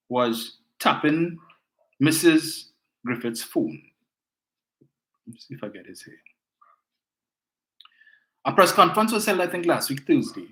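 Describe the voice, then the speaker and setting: A man's voice: mid-range voice, roomy sound, poor audio. A man with a Trinidadian accent hosting a political call-in show, talking in an indignant, emphatic way and often repeating his words. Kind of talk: political commentary.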